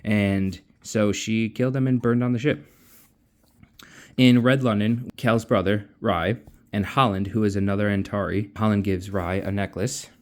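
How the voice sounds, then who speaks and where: A man's voice: lowish voice, steady tone, moderate pace, darkish tone. A man casually recapping a novel's plot in a chatty, offhand way, acting out quotes. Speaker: book recapper.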